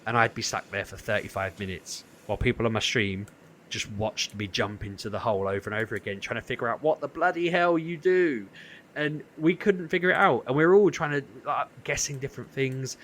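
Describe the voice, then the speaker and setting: A man's voice: mid-range voice, fairly quick, a little hiss or hum. A man, co-hosting a podcast, telling a story in casual chat and acting out what people said. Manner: animated storytelling, acts out quotes. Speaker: podcast co-host.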